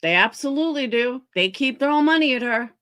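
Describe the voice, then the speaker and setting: A woman's voice: high voice, expressive, a little fast, fairly bright tone. A woman streamer ranting heatedly about other creators, swearing often and sounding exasperated. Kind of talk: livestream commentary rant.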